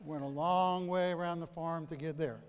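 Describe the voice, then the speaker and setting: A male pastor preaching a sermon, telling stories with animated delivery and dramatic pauses. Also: on the high side, in a large hall, slight background noise.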